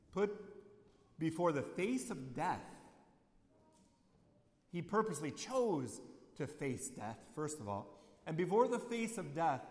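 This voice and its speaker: A male priest gives a homily in a slightly high, sing-song voice, speaking slowly and reflectively. On key lines he drops quiet and low, and the long reverb of a large church hall echoes his words.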